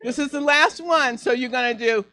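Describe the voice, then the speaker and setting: A middle-aged woman minister giving a playful sermon, slow and deliberate, laughing easily as she leads the group. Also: sits high, sharp tone, no room sound. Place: church sanctuary. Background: faint piano.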